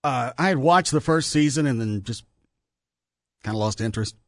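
A man's voice: mid-range voice, lively intonation, moderate pace, dry recording, studio quality. A man, hosting a radio show and chatting in an offhand, opinionated way. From Texas. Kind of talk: casual radio chat.

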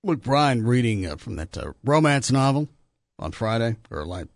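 A man's voice: mid-range voice, very animated, moderate pace, no echo. A man hosting a radio show, joking and rambling in casual on-air banter while fumbling with the studio gear.

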